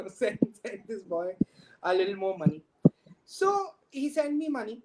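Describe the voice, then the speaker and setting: A man's voice: extremely high pitch, big pitch swings, unhurried, long pauses. A man in his thirties with an Indian English accent, a film director chatting as a guest, very talkative and laughing often as he tells stories. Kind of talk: casual storytelling. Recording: noisy recording with clicks.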